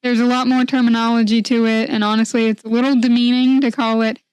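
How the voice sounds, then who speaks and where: A young woman co-hosting a podcast, laying things out in a clear, measured way. Her voice is a little high, smooth and resonant, recorded close and dry. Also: flat delivery, a little mellow, no room sound, low-quality recording. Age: young adult. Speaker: podcast co-host. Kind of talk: casual chat.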